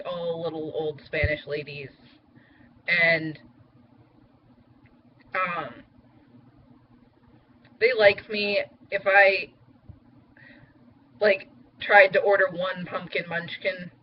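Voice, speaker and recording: A woman's voice: on the low side, highs cut off, slight background noise. A young woman chatting casually in a vlog update, rambling with lots of fillers. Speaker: vlogger.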